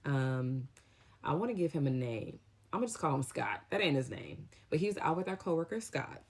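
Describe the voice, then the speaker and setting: A young adult woman casually telling a storytime tale, in an animated, slangy way with lively acted-out quotes. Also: low-pitched, a little fast, slightly rough. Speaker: storytime vlogger.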